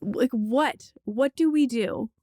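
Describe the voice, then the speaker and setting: A woman's voice: on the high side, slow pace, mellow, no echo, clean studio sound. A woman hosting a podcast in casual chat, telling a parenting story candidly, swearing freely and saying "like" often. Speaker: podcast host; mother of a young child.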